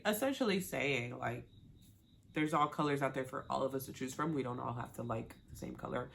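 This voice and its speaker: Sassy, gravelly-voiced woman reviewer. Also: low voice, animated, fairly quick, a bit bright, slight background noise. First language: Spanish. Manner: blunt, profane and sassy. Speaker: TV show reviewer. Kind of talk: casual recap vlog.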